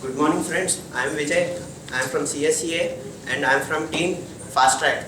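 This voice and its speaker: A man's voice: a little high, steady tone, moderate pace, a bit bright. A young man and college student giving a classroom presentation, spelling each word before saying it, recorded from a distance in an echoey room. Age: young adult. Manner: reads words after spelling them. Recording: echoey room, distant mic, faint noise.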